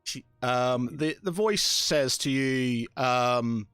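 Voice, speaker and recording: A man narrating as game master, halting and restarting often as he describes a scene. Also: medium pitch, a bit bright, clean tone, no room sound, clean studio sound, faint music behind. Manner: halting, full of fillers and restarts.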